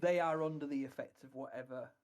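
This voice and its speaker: A man's voice: a little high, steady tone, quick pace, a little mellow. A man narrating as dungeon master in a tabletop game, hesitant and full of "kind of" and "um".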